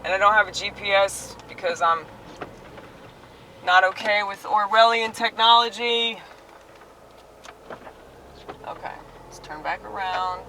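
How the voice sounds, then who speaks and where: A woman's voice: mid-range voice, measured pace, long pauses, sharp tone, recorded from a distance, slight background noise, poor audio. A woman ranting crudely while driving and filming herself on a phone. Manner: brash, profane, rambling. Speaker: online comedian. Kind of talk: casual driving vlog rant. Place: inside a moving car. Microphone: phone camera held while driving.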